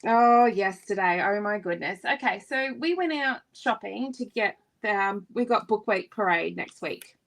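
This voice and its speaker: A woman's voice: mid-range voice, measured pace, gravelly, hardly any pauses. A woman in her thirties with an Australian accent, co-hosting a casual chat and telling stories with frequent laughter. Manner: laughs often, animated storytelling. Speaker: co-host.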